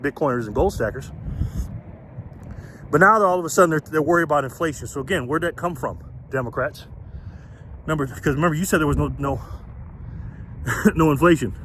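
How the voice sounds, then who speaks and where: Vlogger type, a man with a slightly high voice, rambling outdoors and firing off rhetorical questions, wind on the mic. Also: fairly bright tone, rough recording. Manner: rambling, repetitive, rhetorical questions, laughs at own points. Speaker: political commentary vlogger. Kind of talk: outdoor walking vlog rant. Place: outdoors in wind, urban area.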